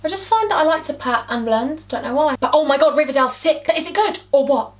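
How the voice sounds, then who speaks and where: A woman's voice: high voice, expressive, quick pace, distant mic. A young English woman chatting and rambling playfully through a makeup tutorial, calling her viewers huns. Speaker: beauty vlogger.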